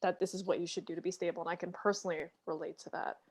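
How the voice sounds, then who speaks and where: Woman, coaching host, low-ish voice, long winding questions, searching for words. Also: level tone, rapid-fire. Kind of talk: interview questions.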